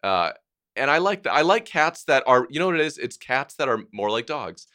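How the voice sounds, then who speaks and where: A man co-hosting a podcast, chatting casually and offering opinions in a halting way with frequent restarts. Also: medium pitch, very animated, sharp tone. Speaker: podcast co-host. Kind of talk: casual chat.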